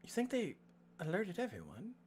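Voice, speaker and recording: A tabletop player speaks in casual in-character talk and asks a lot of questions. The pitch rises and falls a lot. The delivery is animated. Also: moderate pace, a little hiss or hum. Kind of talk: casual in-character role-play.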